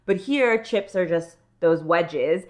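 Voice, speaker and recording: A woman's voice: fairly low pitch, expressive, takes it slowly. An American woman from California with a Californian accent, chatting upbeat to her viewers in a casual vlog. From California, USA. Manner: chatty, upbeat, often acts out quoted phrases. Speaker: vlogger.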